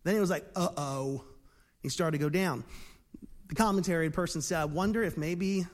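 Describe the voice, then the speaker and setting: A high-pitched man in his fifties preaches, and his voice rings with long reverb through a church sanctuary. He swings between hushed, almost whispered lines and loud, animated bursts. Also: fairly quick. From Philadelphia, USA. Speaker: pastor. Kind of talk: sermon. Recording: long reverb of a large hall.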